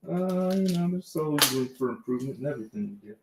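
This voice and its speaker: Brief: low-voiced deadpan male sidekick, roomy echo, audible noise. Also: fast. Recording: echoey room with background noise.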